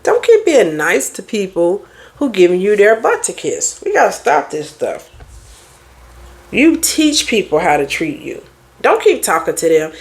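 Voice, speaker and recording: A middle-aged woman life coach talks casually, her pitch swinging widely as she lays down blunt advice. She sounds preachy and direct, sometimes mimicking other people's words to make a point. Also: very animated, measured pace. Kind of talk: casual motivational talk.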